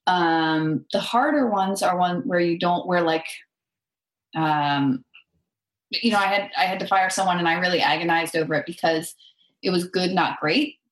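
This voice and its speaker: A woman's voice: on the low side, normal speed, roomy sound, poor audio. A woman guest in a casual podcast interview, talking chattily about her business numbers with lots of fillers. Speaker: real estate investor guest.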